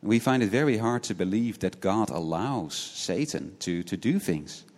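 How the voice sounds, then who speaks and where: Low-voiced male preacher in a reverberant hall. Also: expressive, measured pace, a little mellow. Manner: asks many rhetorical questions, tagging points with "right?"; earnest, repeats words as he restarts. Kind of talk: sermon.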